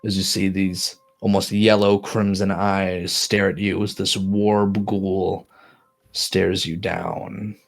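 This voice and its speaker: A man narrating a tabletop game as game master, describing scenes in a halting way with many restarts. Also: low voice, little pitch movement, vocal fry.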